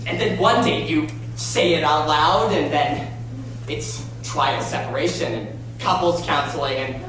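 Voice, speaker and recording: A fussy, lonely musical-theatre fan, played by a stage actor, chatting in confiding asides with a mid-pitched voice. The sound is a distant stage recording, awash in the long echo of a big theatre. A faint hiss sits under it. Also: a little slow, close to an everyday voice. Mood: chatty. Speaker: stage narrator. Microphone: far room mic.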